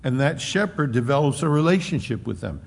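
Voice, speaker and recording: A man preaching a sermon, emphatic and conversational, slowing down to stress points. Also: medium pitch, big pitch swings, gravelly. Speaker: pastor. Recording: long hall reverb, faint noise.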